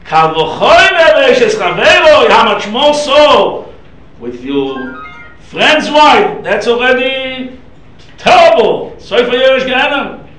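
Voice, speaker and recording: A man's voice: very high voice, very animated, slow pace, a bit bright, soft background music. A middle-aged man, a rabbi teaching a Torah class, talking emphatically and telling stories. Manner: emphatic, storytelling, mixing Hebrew and Yiddish terms. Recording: echoey room from far off.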